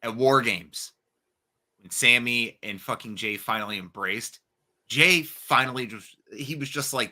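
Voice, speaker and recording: Bright-voiced, excitable man on a podcast. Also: mid-range voice, unhurried. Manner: excited, profane storytelling. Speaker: podcast co-host. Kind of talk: casual wrestling podcast chat.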